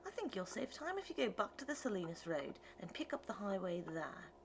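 A woman reading an audiobook, voicing a country woman gardener who answers in crisp, short replies. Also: medium pitch, sing-song, brisk, slight background noise. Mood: curt. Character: guarded country woman gardener, grows eager.

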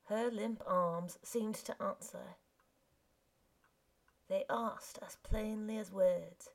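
Slow, hushed woman narrator. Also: mid-range voice, fairly even intonation. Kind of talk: scripted narration of a period story.

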